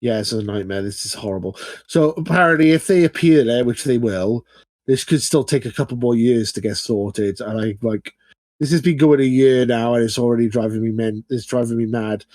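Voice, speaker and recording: A British man in casual podcast chat, animated and quick to laugh, his speech full of fillers. His voice sits mid-range and sounds dry and close. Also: medium pitch, no room sound. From United Kingdom. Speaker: podcast co-host.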